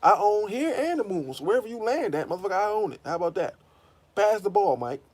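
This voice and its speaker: A man's voice: high-pitched, big pitch swings, quick pace, pitched above the performer's own voice. A man putting on the voice of an arrogant white coach who taunts and curses at a star player. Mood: taunting. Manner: taunting, profane, mocking.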